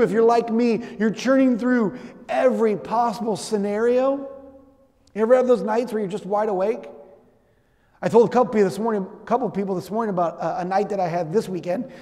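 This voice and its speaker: High-voiced pastor in a reverberant church. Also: male voice, darkish tone. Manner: conversational storytelling with acted asides. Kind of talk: sermon. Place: church sanctuary. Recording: long hall reverb.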